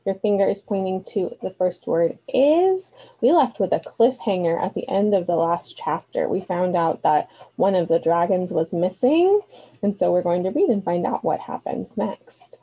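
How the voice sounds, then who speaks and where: A woman's voice: lowish voice, lively intonation, moderate pace, dull audio. A woman teacher patiently reading a children's novel aloud to her students. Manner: patient, clear instructional reading.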